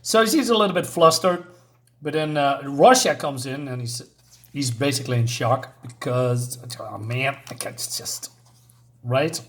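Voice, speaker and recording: A man's voice: mid-range voice, measured pace, fairly bright tone. Chatty man reviewing a comic. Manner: hesitant, many fillers, chuckling asides.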